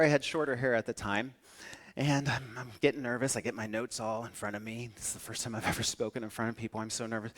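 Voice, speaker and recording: A man delivering a keynote talk in a mid-pitched voice. He tells his stories with animation and acts out the quotes along the way. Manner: animated storytelling with acted-out quotes. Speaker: public speaker.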